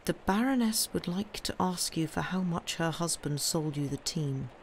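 A woman reading aloud, voicing a polite young gentleman with a courteous, reserved manner. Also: lowish voice, animated, moderate pace, a little hiss or hum.

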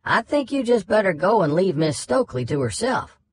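A man's voice: high voice, big pitch swings, moderate pace, husky, pitched above the performer's own voice, exaggerated voice. A man putting on a stern older male judge with a Southern US drawl, reading him in a nonfiction audiobook. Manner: drawling, admonishing.

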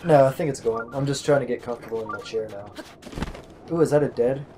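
A man's voice: medium pitch, fast, noisy background. A man commentating his own gameplay in casual let's-play style, grumbling and swearing at enemies. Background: game music.

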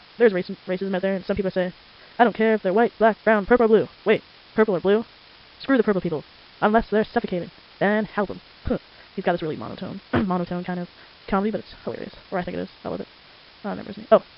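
A teenager with a stuffy, congested nose, chatting and rambling casually while drawing at home late at night. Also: mid-range voice. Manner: chatty, rambling, easily sidetracked. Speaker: amateur artist. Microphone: desktop microphone. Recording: lo-fi with faint hiss.

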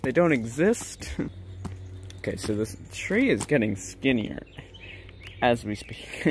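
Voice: mid-range voice, animated, unhurried, long pauses. A vlogger rambling and joking to viewers while hiking through the woods, filmed on a handheld camera. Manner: giggly, joking, talking to viewers. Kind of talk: rambling solo hiking vlog. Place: outdoors in woods. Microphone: handheld camera mic. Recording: clear outdoor nature noise.

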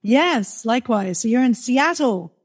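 A woman in her forties from London with a softened English accent, chatting animatedly as an interview guest and laughing often. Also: on the high side, expressive, measured pace, very noisy. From London, England. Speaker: guest, music marketer. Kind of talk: casual interview chat.

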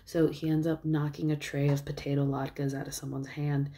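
A woman's voice: low voice, little pitch movement, normal speed, mellow. A woman vlogger chatting casually, recapping at length with lots of "like" and "um". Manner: rambling recap full of fillers and likes. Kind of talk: casual chat.

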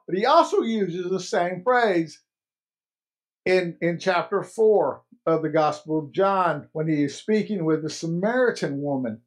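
A man preaching a sermon as pastor of a chapel, emphatic, repeating key phrases and stressing words slowly. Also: on the high side.

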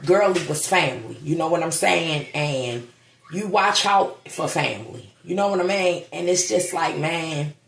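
Slow, gravelly-voiced grieving woman. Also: sits low. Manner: grieving, somber, blunt with swearing. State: holding back tears. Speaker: vlogger. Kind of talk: casual vlog monologue. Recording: echoey room.

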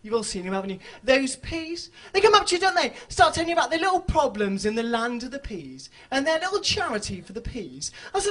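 A man doing a stand-up comedy routine on a club stage, telling stories with sudden loud bursts. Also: very high-pitched, very animated, a little fast, hardly any pauses.

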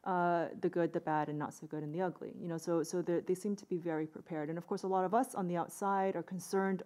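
A woman's voice: on the low side, fairly even intonation, fairly quick, few pauses, mellow. A woman giving an analytical conference panel talk, thinking aloud with many fillers and restarts.

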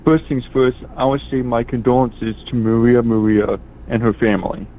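A man's voice: mid-range voice, steady tone, normal speed, a little hiss or hum. Lispy mumbly guy calling in, tinny phone. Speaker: caller.

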